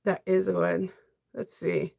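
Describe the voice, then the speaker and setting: A middle-aged woman sewing vlogger chatting casually on a livestream, talkative and quick to laugh. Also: lowish voice, level tone, gravelly, warm tone. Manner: chatty, laughs often, emotional.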